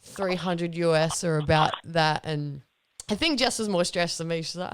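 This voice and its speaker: A woman's voice: deep voice, fairly even intonation, normal speed, clear, resonant tone. Laughing young woman podcast host. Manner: laughing, swearing storyteller. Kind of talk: casual chat.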